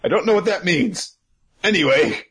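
A young man casually recapping a manga, animated and swearing, acting out the characters. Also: sits high, normal speed, breathy edge.

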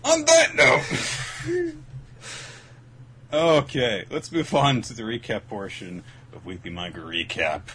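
A man's voice: fairly low pitch, big pitch swings, normal speed, hardly any pauses, fairly bright tone, slight background noise, low-quality recording. A man hosting a casual manga recap podcast, summarizing chapters in a dry, mock-exasperated way. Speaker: podcast host.

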